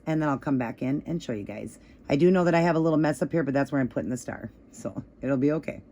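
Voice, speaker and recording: A slightly hoarse woman giving a casual, chatty step-by-step nail art tutorial, with easygoing instructions and fillers. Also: a bass voice, a little mellow. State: slightly hoarse, voice still crackly.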